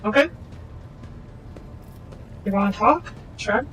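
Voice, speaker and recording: A woman talks through a video game in casual let's-play commentary. Her tone is relaxed and offhand, with a wry edge. Faint music plays underneath. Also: medium pitch, takes it slowly, poor audio. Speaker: game streamer.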